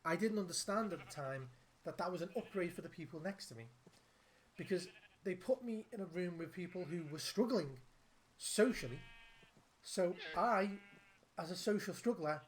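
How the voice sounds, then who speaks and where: A man's voice: sits high, lively intonation, normal speed, a little hiss or hum. Earnest father talking heartfelt to camera. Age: adult, father of a young son. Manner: earnest, repeats points for emphasis. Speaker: gaming video host.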